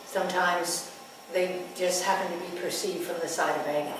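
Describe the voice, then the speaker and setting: A woman's voice: lowish voice, moderate pace. A woman in her sixties, a midwife, telling stories at a workshop and laughing often. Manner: laughs often, lively storyteller. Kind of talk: storytelling talk at a workshop. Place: room at a workshop with listeners. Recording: very echoey room, distant mic, noisy.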